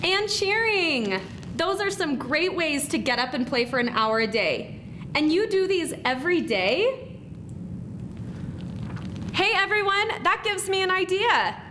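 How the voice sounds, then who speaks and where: A woman's voice: extremely high pitch, sing-song, unhurried, pauses often, noisy background. A woman speaking to a school group as a presenter, upbeat and encouraging. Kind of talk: scripted talk to students.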